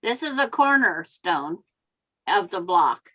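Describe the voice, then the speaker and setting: Bright-voiced woman chatting about sewing. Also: fairly low pitch, very animated, slow pace, dry recording, low-quality recording. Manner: chatty, explains her sewing steps. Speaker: host of a quilting live stream. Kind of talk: casual chat. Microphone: computer mic on a video call.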